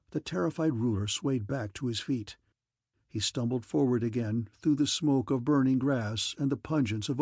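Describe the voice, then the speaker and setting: A man reads an audiobook in measured, dramatic narration. His voice has a gravelly fry and a husky grain. The recording is close and dry. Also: mid-range voice, a little mellow, no room sound. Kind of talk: scripted narration.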